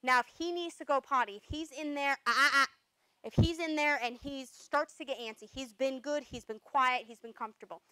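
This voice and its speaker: A woman dog trainer explaining commands step by step, breaking off to give sharp corrective noises and praise. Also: high-pitched, fairly quick, few pauses, no echo, poor audio. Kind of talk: instructional demonstration.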